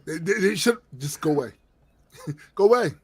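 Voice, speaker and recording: A man's voice: a little high, expressive, moderate pace, breathy edge, dry recording. A man co-hosting a casual live chat show, joking and teasing with lots of swearing. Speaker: podcast co-host.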